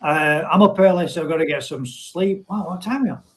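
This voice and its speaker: A man's voice: on the high side, brisk, rough recording. A middle-aged man hosting a casual live stream from home, reading viewer comments aloud and laughing often.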